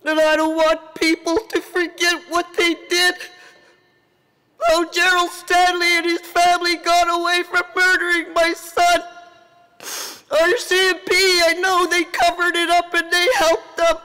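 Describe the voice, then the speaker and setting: A middle-aged woman speaks slowly and evenly in a bright, tense voice, as a grieving mother addressing an assembly. She is emotional and defiant, and her voice breaks at times. Long reverb from a large hall trails her words. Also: very high voice. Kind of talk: impassioned public address.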